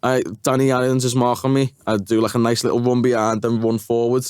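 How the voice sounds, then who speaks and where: A man's voice: mid-range voice, level tone, fairly quick, darkish tone, clear, resonant tone, no echo. A man as a podcast guest in a studio, talking casually and hesitantly with laughs. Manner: hesitant, many fillers and restarts, laughs. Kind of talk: casual chat.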